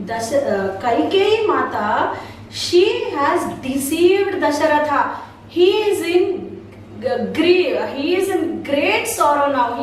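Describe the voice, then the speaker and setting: A woman teaching a children's class through storytelling, explaining earnestly with frequent restarts. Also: high voice. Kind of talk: storytelling lesson. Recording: very echoey room, far from mic, faint noise.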